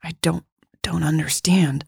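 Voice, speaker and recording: A woman's voice: on the low side, sing-song, a little slow, a little mellow, slightly rough, no echo, clean studio sound, heavily acted. A woman narrator voicing an anxious, frustrated young woman who protests in tense, stammering lines.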